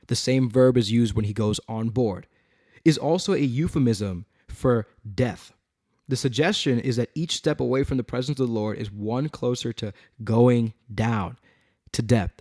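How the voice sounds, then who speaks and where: Man, bible teacher, animated emphatic reading, casual asides, mid pitch, dry close sound. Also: normal speed, no room sound.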